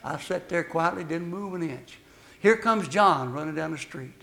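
Male preacher, sermon, folksy storytelling, high voice, gravelly. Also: normal speed. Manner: folksy storytelling, emphatic swings between loud and hushed.

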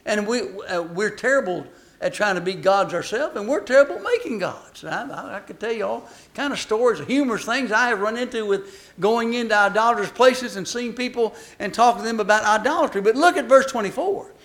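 A middle-aged man preaching a sermon, telling folksy stories and reading scripture slowly. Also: sits high, lively intonation, fairly bright tone. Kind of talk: storytelling sermon.

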